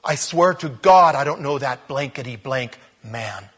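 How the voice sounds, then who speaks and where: A man voicing a frightened grown man who flatly denies everything in a retold scripture scene during a sermon. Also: medium pitch, unhurried, breathy edge, voice pushed down. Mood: swearing.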